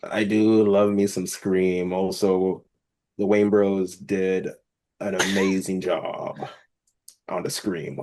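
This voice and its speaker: A very deep-voiced man co-hosts a casual movie podcast. He hesitates with fillers, then rushes through his points in a fairly quiet voice. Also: little pitch movement, background noise. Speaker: podcast co-host.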